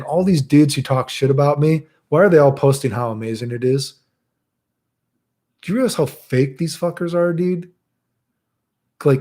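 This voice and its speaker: A man's voice: medium pitch, dark tone. A young man chatting casually as a streamer answering chat, crude and rambling, swearing a lot.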